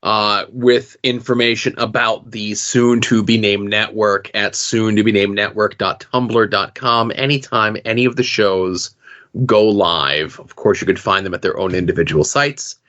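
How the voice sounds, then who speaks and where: A man with a low voice hosts a podcast, running through links and plugs in a loose, chatty way, full of "uh"s. The sound is dull and lo-fi. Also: steady tone, a little slow, pushed and bright. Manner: chatty, with filler "uh"s. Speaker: podcast host. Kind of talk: reading show plugs and links. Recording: dull lo-fi audio.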